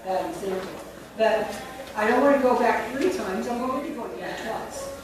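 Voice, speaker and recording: A woman's voice: on the high side, normal speed, a crowd in the background. A woman leading a teacher training workshop, dictating words and quizzing the room. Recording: very echoey room from far off, with noise.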